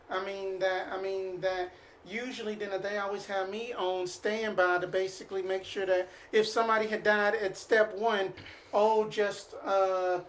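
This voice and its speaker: A woman's voice: mid-range voice, natural voice. A woman voicing a chatty, rambling woman cleric in a put-on Southern accent, with faint noise behind. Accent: put-on American Southern. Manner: rambling, filler-heavy.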